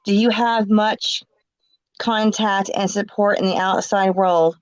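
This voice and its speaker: A woman hosting a live-stream interview, speaking calmly and briefly with a little hesitation. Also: medium pitch, slow, smooth, dry recording. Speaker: host.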